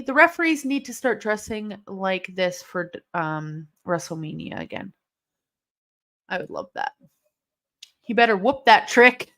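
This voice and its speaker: A young woman hosting a live watch-along stream, reacting aloud to a match with excitable, swearing commentary. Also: medium pitch, unhurried, pauses often. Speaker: livestream host.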